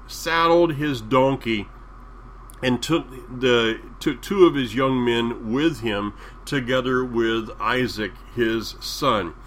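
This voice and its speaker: A man with a Southern US accent preaching a sermon, drawing out key phrases with deliberate emphasis. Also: medium pitch, fairly bright tone, a little hiss or hum.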